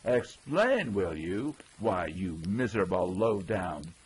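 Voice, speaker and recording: A sharp-tongued, furious wife scolds in a crisp, vinegary voice, as a male narrator puts her on. Her voice is pitched high over a husky edge, and it swings widely as she reads the riot act. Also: sing-song, slow pace, exaggerated voice, rough recording. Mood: scolding. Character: crisp, vinegary angry circus actress wife.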